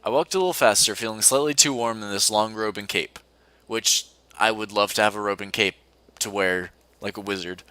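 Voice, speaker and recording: A man's voice: lowish voice, brisk, sharp tone. A young man hosting a co-op game video, reading a visual novel aloud with playful, giggly asides. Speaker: let's-play host reading a visual novel. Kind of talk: casual co-op game commentary and read-aloud. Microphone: desk mic at a computer.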